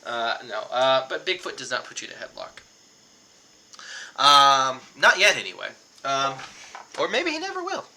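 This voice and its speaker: A man's voice: mid-range voice, big pitch swings, moderate pace, sharp tone. A man running a tabletop game as game master, chatty and loose with many fillers.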